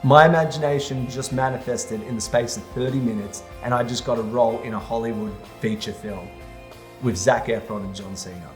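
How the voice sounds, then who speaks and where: A young adult man tells a personal story straight to camera, in a voice of middle pitch. He talks in an animated way and slips into other people's voices when he quotes them. Soft music plays faintly behind him. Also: fairly quick. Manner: animated, re-enacts scenes with lively quoted voices. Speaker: vlogger. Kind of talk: storytelling monologue.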